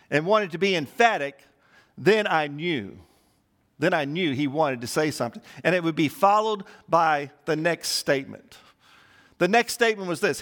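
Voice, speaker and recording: A male pastor delivering a sermon in a high-pitched voice. He stacks phrase upon phrase in a steady, emphatic cadence. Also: normal speed. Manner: emphatic, repetitive listing cadence.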